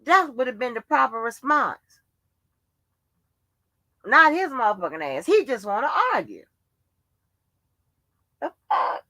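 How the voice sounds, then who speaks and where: A woman's voice: on the high side, big pitch swings, measured pace, long pauses, sharp tone, dry recording. A woman hosting a livestream, ranting in a casual monologue full of profanity and exasperated rhetorical questions. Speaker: livestream host.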